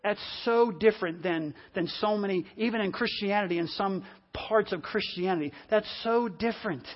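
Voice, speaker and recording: A preacher delivering a sermon, repeating key phrases and swinging between loud, forceful lines and hushed ones. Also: medium pitch, normal speed, highs cut off.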